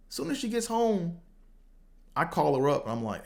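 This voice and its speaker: A man hosting a podcast, telling a casual story in a slangy, profane way and acting out both sides of the conversations with big jumps in pitch. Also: moderate pace, gravelly, pauses often. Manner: animated, acts out quotes with big pitch jumps. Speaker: podcast host.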